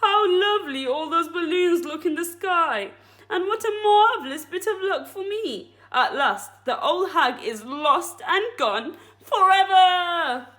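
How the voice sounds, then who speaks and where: A woman voicing a sly, scheming old man in a children's story reading, speaking in a slow, gloating, mock-sweet way. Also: very high-pitched, expressive, fairly bright tone, pitched above the performer's own voice, heavily acted. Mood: gleeful.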